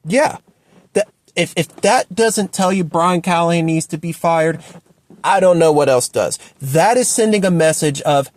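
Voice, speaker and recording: A man ranting at home about his football team, exasperated and repeating himself. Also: unhurried. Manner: exasperated, repetitive ranting with sharp swings up and down in pitch. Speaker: sports fan commentator. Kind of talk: ranting sports opinion video.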